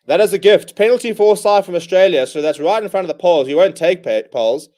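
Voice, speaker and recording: A man with a fairly high voice hosts a live rugby watchalong, ranting in exasperation at his own team. He calls the action in short, clipped bursts between complaints. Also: expressive, quick pace, mellow. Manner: exasperated, ranting fan commentary. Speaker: watchalong host. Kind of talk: live match watchalong commentary.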